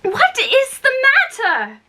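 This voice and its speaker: A woman's voice: high-pitched, very animated, measured pace, bright, forceful tone, pitched above the performer's own voice, exaggerated voice, rough recording. A woman reading aloud and voicing Alice, a polite and curious young girl, in a raised, earnest voice with slips and restarts. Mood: anxious. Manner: earnest, questioning. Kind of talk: storybook reading.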